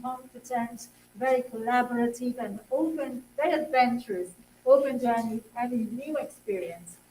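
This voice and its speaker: An earnest woman teacher lists a colleague's qualities in a fairly high voice. She sounds far from the mic, in a roomy hall. A faint hum runs underneath. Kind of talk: short tribute speech. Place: school assembly hall.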